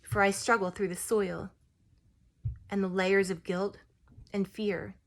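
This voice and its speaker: A woman voicing a humble, gentle ancient tree spirit, speaking softly, solemnly and slowly. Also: mid-range voice, little pitch movement. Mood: solemn, tender. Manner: soft, solemn, slow and hushed.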